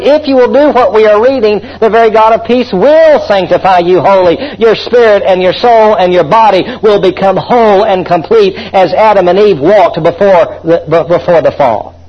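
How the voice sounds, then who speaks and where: Fervent high-voiced preacher, husky and muffled. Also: male voice. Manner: fervent, calls out to congregation. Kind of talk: sermon.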